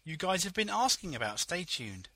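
Young man chatting loosely, bright voice. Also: sits high, sing-song, moderate pace, dry recording. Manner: chatty, rambling, laughs often. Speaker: podcast co-host. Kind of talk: casual chat.

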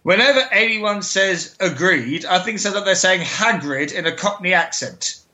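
A man co-hosting a podcast, trading blunt jokes and quick asides. His voice is high and bright, and it is recorded in an echoey room. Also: expressive. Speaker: podcast co-host. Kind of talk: casual chat.

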